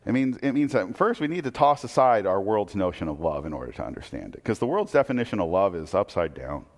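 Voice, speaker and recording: A pastor with a fairly low, sing-song voice preaches at a quick pace in a large hall. He is earnest throughout and tends to repeat words as he starts his sentences.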